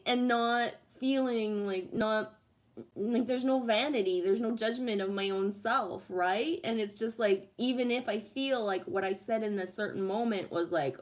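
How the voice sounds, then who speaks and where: A woman's voice: a little high, expressive, a little slow. A woman chatting casually on a live stream, reading the chat, swearing freely and laughing at herself.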